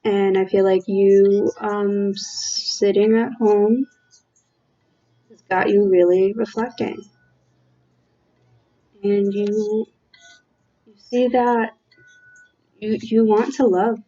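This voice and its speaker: Slow, earnest woman reading tarot, muffled sound. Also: medium pitch, little pitch movement, dark tone. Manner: earnest, emotional, many fillers and restarts. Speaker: tarot reader.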